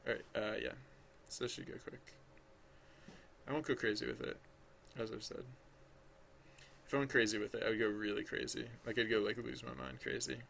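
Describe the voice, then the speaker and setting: A man's voice: medium pitch, fairly even intonation, brisk, gravelly, pauses often, fairly bright tone, slight background noise. A man thinking aloud as he draws on a livestream, rambling and hesitant, full of restarts, chatting with viewers. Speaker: livestreaming digital artist.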